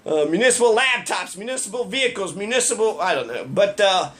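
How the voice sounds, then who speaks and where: A man's voice: high voice, expressive, brisk, fairly bright tone. A man giving a casual, rambling political rant, sarcastic and full of profanity. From Colorado. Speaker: local political commentator.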